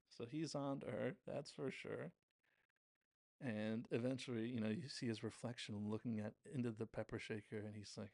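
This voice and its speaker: A man hosting a show, casually recapping a TV episode scene by scene and quoting the characters in quick impressions. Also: medium pitch, steady tone, creaky, darkish tone, dry recording. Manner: retells scenes with quick quoted impressions, self-correcting. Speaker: podcast host reviewing a TV episode.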